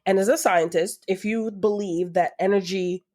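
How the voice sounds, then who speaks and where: A woman co-hosting a podcast, pitching a book in relaxed, chatty conversation. She is animated and self-deprecating and often laughs at herself. Her voice sits at an ordinary middle pitch. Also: moderate pace. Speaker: podcast co-host. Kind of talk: casual book chat.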